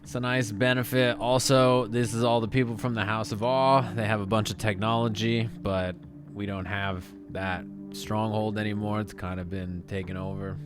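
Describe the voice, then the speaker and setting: A man playing a tabletop game, chatting in a relaxed, hesitant way. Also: fairly low pitch, normal speed, music in the background. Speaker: player. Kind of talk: casual game chat.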